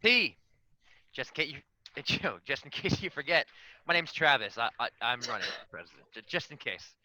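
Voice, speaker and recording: A man's voice: medium pitch, big pitch swings, moderate pace, sharp tone, low-quality recording. A man giving a boastful, crude comedic campaign speech as a tabletop player. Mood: cocky. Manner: boastful, swaggering, crude jokes.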